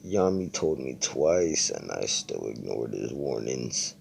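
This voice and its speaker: A man's voice: a bass voice, big pitch swings, slow pace, creaky, a little mellow, slight background noise, voice pushed down, exaggerated voice. A man voicing a stressed young male magic knight in a fan story, swearing in an exasperated way.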